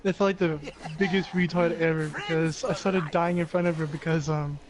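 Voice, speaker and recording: Brief: young guy game streamer, high-pitched, crude, rambling banter. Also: steady tone, brisk. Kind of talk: casual chat while gaming.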